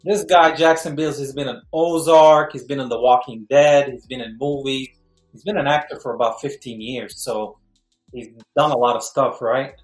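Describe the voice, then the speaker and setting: A middle-aged man, a guest actor, telling a lively story and acting out quotes with jumps in pitch. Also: moderate pace, soft background music. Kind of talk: animated storytelling. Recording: roomy echo.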